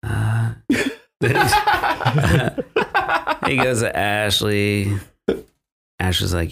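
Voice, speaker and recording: A man's voice: fairly low pitch, sing-song, extremely slow, gravelly, long pauses, fairly bright tone, breathy edge. A man recapping a film plot on a podcast in a rambling, profane, casual way, with frequent laughter and fillers. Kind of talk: casual chat.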